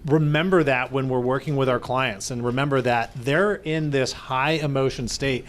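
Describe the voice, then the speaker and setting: A man's voice: medium pitch, steady tone, moderate pace. A man co-hosting a live podcast, speaking earnestly and retelling stories with quoted voices. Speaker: podcast co-host.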